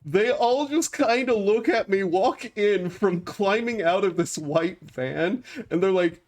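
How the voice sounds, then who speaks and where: A young man streaming a game, telling a rambling story with frequent laughs and flat acted-out quotes. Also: high-pitched, a little slow, few pauses. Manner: rambling, laughs often, acts out quotes flatly. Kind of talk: casual storytelling while gaming.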